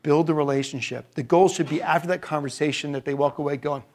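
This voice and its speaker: A man's voice: a little high, fairly even intonation, fast, a little mellow, a little hiss or hum. Chatty man speaking to a live audience. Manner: conversational, often checks in with "okay?" and asks the audience questions. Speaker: parenting seminar speaker.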